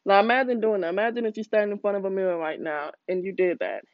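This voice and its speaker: A man with a high voice talks in a casual, earnest motivational monologue, slangy and full of self-corrections. The recording is dry and a little dull, like a home podcast setup. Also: quick pace, no echo. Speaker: podcast host.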